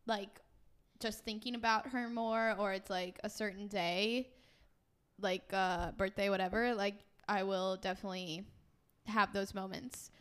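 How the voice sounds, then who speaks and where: A woman co-hosting a podcast, chatting casually with many "like"s and gently reassuring the listener. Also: mid-range voice, steady tone, unhurried, clean tone. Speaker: podcast co-host. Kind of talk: casual chat.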